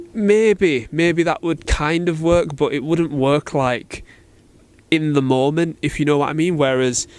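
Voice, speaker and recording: A man's voice: fairly high pitch, moderate pace. A man hosting a casual solo podcast, talking in a chatty, slangy way and acting out little made-up exchanges, recorded in a shop. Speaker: podcast host. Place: cold shop with fridges.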